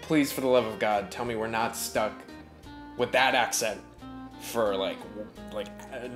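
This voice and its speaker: A man's voice: on the low side, unhurried, music in the background. A man giving sarcastic, profane, mock-outraged voice-over commentary on a movie as its reviewer.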